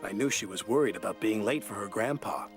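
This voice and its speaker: A man playing a gentle, reassuring young magical conductor in a family film. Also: fairly low pitch, a little fast, close to an everyday voice. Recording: film audio with music behind.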